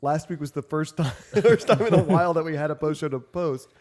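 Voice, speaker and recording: A man's voice: on the high side, fairly quick, a little mellow. A man co-hosting a casual podcast panel chat, talking loosely and laughing often. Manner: chatty, laughs often, mock voices. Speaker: podcast co-host.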